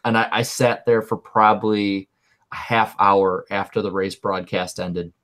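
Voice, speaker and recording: A young man co-hosting a podcast, talking casually and animatedly, rambling and repeating words when he gets excited. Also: lowish voice, unhurried. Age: young adult. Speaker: podcast co-host. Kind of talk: casual chat.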